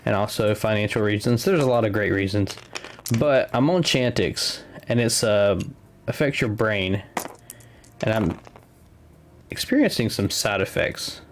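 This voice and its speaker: A man's voice: fairly low pitch, expressive, a little slow, a little hiss or hum. Man, stream co-host, casual and chatty, jokes easily. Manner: chatty, joking, open about his life. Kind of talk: casual live-stream commentary.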